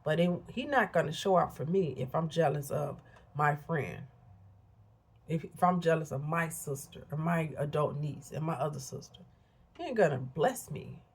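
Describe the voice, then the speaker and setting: A middle-aged woman with a low-pitched, husky voice speaks at a normal speed. She's a motivational vlogger giving casual, earnest and somewhat preachy motivational talk directly to the camera for her viewers.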